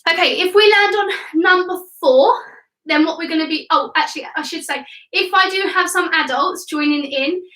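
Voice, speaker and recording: A cheerful young woman leads a children's home workout, encouraging everyone and counting out reps. Her voice is high and crisp. It echoes around a room at home, picked up from some distance. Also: normal speed, sharp tone. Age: 20s. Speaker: kids' gymnastics coach. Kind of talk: instructional workout class.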